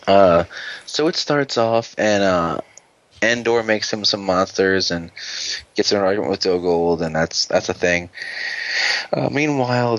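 A man's voice: lowish voice, muffled recording. A man hosting a podcast, casually recapping an episode in a rambling, joking way with plenty of swearing. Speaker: podcast host.

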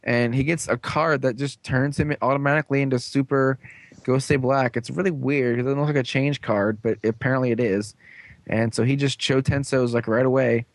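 A man's voice: medium pitch, steady tone, a little fast, dry recording. A young man hosting a show, giving a casual, rambling recap of an episode with lots of filler and sarcastic asides. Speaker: show host.

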